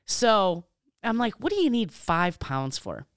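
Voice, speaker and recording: A woman co-hosting a casual chat podcast, telling animated stories, swearing freely and laughing often. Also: medium pitch, unhurried, clear, resonant tone, no echo, clean studio sound. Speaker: podcast co-host.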